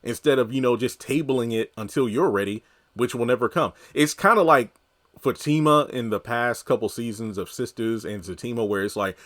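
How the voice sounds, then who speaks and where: Male recap commentator, mid-pitched voice, loose conversational delivery full of fillers. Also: normal speed, fairly bright tone. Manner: conversational, rambling, heavy on fillers. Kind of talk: casual commentary.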